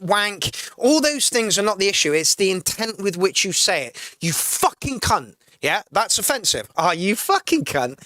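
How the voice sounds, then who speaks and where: A man's voice: high-pitched, pushed and bright, no room sound. A man hosting a casual live music-review stream, reading out chat comments and swearing freely as he rants. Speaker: livestream music review host.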